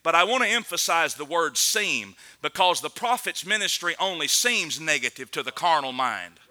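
Bright high-voiced man preaching with fervor. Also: big pitch swings, normal speed. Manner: earnest, swings between loud emphatic preaching and low quiet stretches. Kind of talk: sermon.

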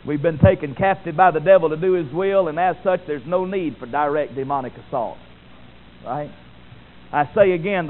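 A man preaching with a high, ringing voice. He drives points home with loud emphasis, then drops to hushed, solemn lines. The sound is thin and phone-like. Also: expressive, normal speed. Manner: emphatic, swinging from loud declarations to quiet, solemn asides. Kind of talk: sermon. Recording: tinny phone-like recording.

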